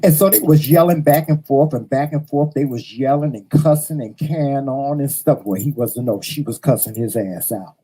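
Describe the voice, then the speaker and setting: Dark, husky-voiced man telling a story. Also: mid-range voice, moderate pace, few pauses, poor audio. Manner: animated, profane storytelling with repeated lines. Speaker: morning show host. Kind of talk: storytelling on a talk show.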